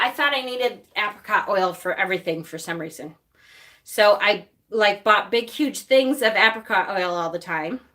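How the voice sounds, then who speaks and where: A woman's voice: a little high, sharp tone. A woman with a Rochester accent hosting a casual livestream, chatty and rambling, laughing often and answering viewer comments. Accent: Rochester, New York. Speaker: witchcraft channel host.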